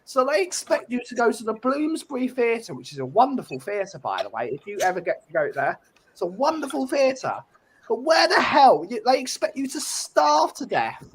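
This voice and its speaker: A man rants in casual podcast chat, piling on swearing and comic exaggeration. His pitch swings widely as he goes, with faint background noise in the recording. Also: huge pitch swings, moderate pace, rough recording. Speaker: podcast co-host.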